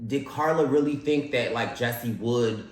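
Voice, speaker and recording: A man on a podcast as a guest, giving thoughtful, measured opinions in casual chat. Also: medium pitch, slight background noise. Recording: roomy echo.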